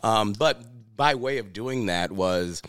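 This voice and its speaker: A man with a very low, smooth and resonant voice talks as a podcast guest. He rambles through his stories, restarting phrases and filling gaps with "you know". The sound is close and dry. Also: expressive, takes it slowly, a bit bright, no room sound. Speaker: guest chef and TV host. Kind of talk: casual interview chat.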